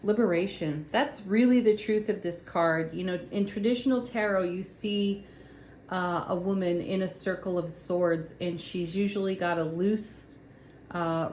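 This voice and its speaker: Woman, tarot reader, casual and chatty, upbeat, fairly low voice, faint background noise. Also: fairly even intonation, unhurried, darkish tone. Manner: chatty and upbeat, laughs often, talks to viewers directly. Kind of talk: casual tarot card reading.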